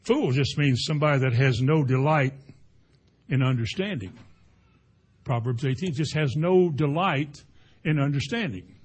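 A man's voice: mid-range voice, normal speed, pauses often, breathy edge. A man preaching a conversational sermon, telling homely stories with playful sound effects. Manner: folksy, animated storytelling with sound effects. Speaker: pastor.

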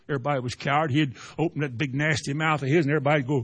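Preacher with swinging emphasis. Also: male voice, a little high, steady tone, husky. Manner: rhetorical questions, swings from loud drawn-out emphasis to quiet. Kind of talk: sermon.

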